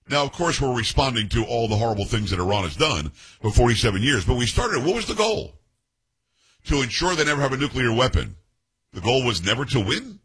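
A man's voice: mid-range voice, fairly bright tone, husky. A male radio talk show host taking calls and telling stories, opinionated and emphatic. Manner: opinionated, emphatic, tells stories in character voices.

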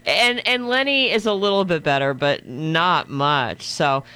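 A woman's voice: deep voice, very animated, unhurried, a bit bright, smooth. A woman radio host chatting casually on air, telling a story with a chatty, laughing manner into a studio microphone.

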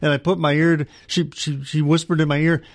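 A man's voice: a little high, flat delivery, a little fast, no room sound. An older man working as a country radio DJ, telling jokey stories in casual patter from a studio mic. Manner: chatty storyteller, jokey asides.

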